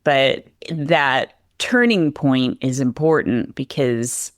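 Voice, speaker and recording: A woman's voice: rumbling low, takes it slowly, dry recording, studio quality. A woman guest on a podcast, a horse trainer, chatting casually and acting out the voices of people she quotes, with lots of fillers. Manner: animated, acts out quoted voices, many fillers. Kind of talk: casual conversational storytelling.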